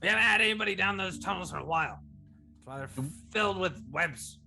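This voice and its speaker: A skittish little blue-skinned gnome miner with a high, squeaky voice, blurting out every word, as a man puts him on. The tone is bright and sharp, and the pitch jumps well above the man's normal voice. It is a fantasy tabletop game. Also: expressive, fast, creaky, soft background music, exaggerated voice. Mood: flustered.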